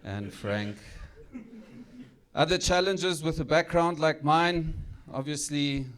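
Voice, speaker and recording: A man's voice: fairly high pitch, slow pace, a bit bright. A young man with a German-South African accent doing a chatty stand-up comedy set on a club stage. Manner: chatty, tag questions. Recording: live club with audience.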